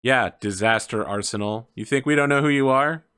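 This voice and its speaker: A man's voice: mid-range voice, brisk, a bit bright, clear, resonant tone, lightly acted. A man voicing a hostile adult male gunman who barks demands at a stranger. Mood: menacing. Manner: barking, aggressive, keeps calling him asshole.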